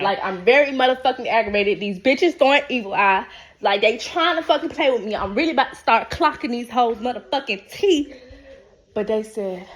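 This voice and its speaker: A woman's voice: on the high side, fairly quick, slight background noise. A woman hosting a podcast, talking in a brash, profane, sassy monologue about loving herself. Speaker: podcast host. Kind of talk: unscripted motivational monologue.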